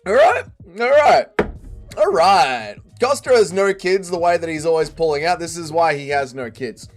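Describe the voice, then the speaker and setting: A man's voice: fairly high pitch, moderate pace. A man hosting a casual livestream, greeting chat and joking around. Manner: banters with chat, jokey and animated. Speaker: livestream host. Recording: faint music behind.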